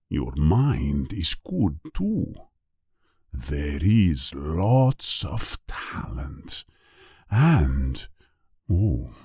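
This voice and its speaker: A man reading a storybook aloud, voicing a wise old talking magic hat with a slow, drawn-out, musing manner and a low husky murmur. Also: a little mellow, no echo, clean studio sound, full character voice.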